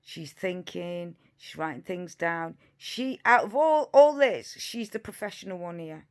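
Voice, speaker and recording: A woman's voice: lowish voice, lively intonation, unhurried. A woman giving reaction commentary on video clips, emphatic and indignant, repeating her points, sometimes sarcastic.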